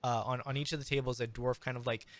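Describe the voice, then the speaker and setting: A man narrating a tabletop game as game master, animated and full of restarts. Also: mid-range voice, quick pace. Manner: animated, many restarts and fillers.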